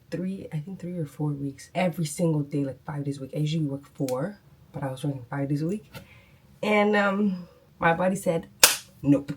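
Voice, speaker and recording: A woman's voice: low-pitched, mellow, breathy edge. A young woman, chatting casually in her vlog while still short of breath and coughing from a cold. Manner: chatty, slangy, rambling. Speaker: vlogger. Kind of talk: casual chat.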